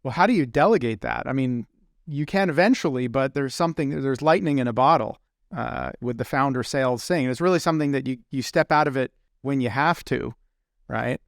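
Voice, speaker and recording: A male podcast host chats casually, thinking aloud and pausing on fillers as he works out his point. His voice sits at an average pitch. The recording is dry and close-miked. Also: gravelly, dry recording. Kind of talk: podcast interview.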